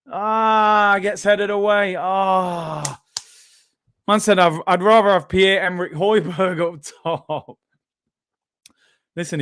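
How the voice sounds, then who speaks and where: A young-sounding man hosts a live football watchalong, talking in quick slang and jumping into shouts when the play turns. His voice sits high for a man. The sound is close and dry, with no room in it. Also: no room sound. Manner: excitable, slangy, bursts into shouts. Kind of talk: live reactive commentary.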